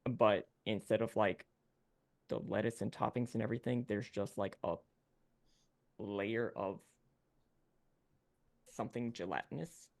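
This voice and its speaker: A man narrating as game master in a rambling, halting way with many fillers. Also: on the low side, fairly even intonation, gravelly.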